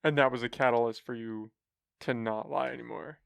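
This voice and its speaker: A man's voice: mid-range voice, fairly even intonation, brisk, gravelly, clean tone, no echo. A man hosting a casual interview podcast, asking questions and reacting briefly. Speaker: podcast host.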